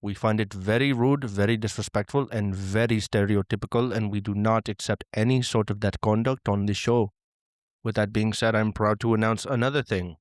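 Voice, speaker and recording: Man doing an Indian-accented co-host, formal, lowish, dry sound. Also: fairly even intonation, no room sound, natural voice. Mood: formal announcing. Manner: stiff, formal announcing with halting restarts.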